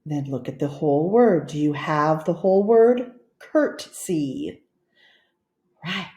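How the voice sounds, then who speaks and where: A woman teacher giving a slow, patient, step-by-step spelling lesson, repeating each instruction carefully. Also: low-pitched, animated, warm tone. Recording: roomy echo.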